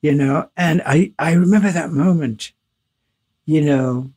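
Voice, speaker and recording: An older man, a guest in a casual interview, telling animated anecdotes with laughs and swearing. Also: a little high, measured pace, husky.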